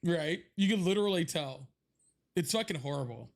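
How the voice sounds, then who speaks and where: A man's voice: fairly high pitch, animated, normal speed, vocal fry. A young man hosting a casual livestream from his home office, chatting with viewers, thanking them by name and swearing freely. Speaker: livestream host.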